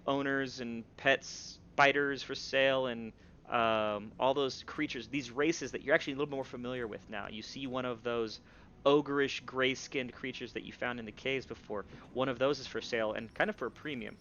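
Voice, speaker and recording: A man's voice: mid-range voice, fairly even intonation, moderate pace, fairly bright tone, highs cut off, slight background noise. A man narrating as game master of a tabletop game, rambling with fillers and restarts.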